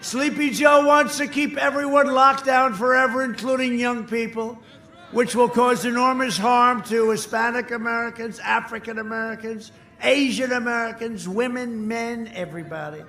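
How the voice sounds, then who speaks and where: A man in his seventies giving a boastful, repetitive rally speech that swings between shouts and low asides. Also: fairly even intonation, moderate pace. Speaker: political candidate at a rally. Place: outdoor rally crowd. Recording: echoey open-air PA sound, faint crowd noise.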